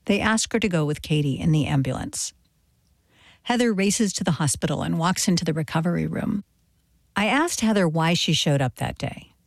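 A woman reporter narrating a documentary story in a measured, plain way. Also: deep voice, expressive, gravelly, no room sound, studio quality. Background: soft guitar music.

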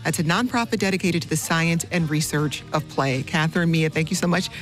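Public radio host woman, low voice. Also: fairly quick, soft background music.

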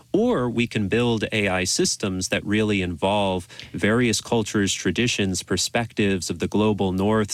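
A man, a priest and professor of bioethics, giving thoughtful, measured explanations in a radio interview with small restarts. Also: low-pitched, no echo.

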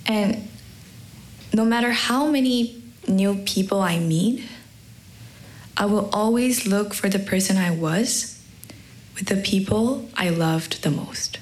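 A teenage girl tells a personal story live on stage. She speaks slowly and reflectively, with a mid-range voice and a heartfelt, unhurried delivery. A faint hiss of noise sits under her voice. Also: medium pitch. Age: teens. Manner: slow, reflective, heartfelt telling. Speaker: student storyteller.

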